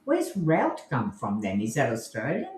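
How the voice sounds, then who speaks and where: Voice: medium pitch, wildly swooping pitch, moderate pace, darkish tone. A tired podcast co-host in casual chat, thinking aloud and working through screen sharing. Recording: roomy room with faint noise.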